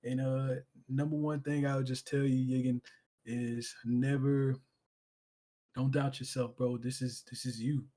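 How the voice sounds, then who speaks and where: A man's voice: medium pitch, little pitch movement, a little slow, warm tone. Earnest man talking from the heart. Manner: earnest, reflective, full of "you know" fillers. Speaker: streamer, guest. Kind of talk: casual heartfelt conversation.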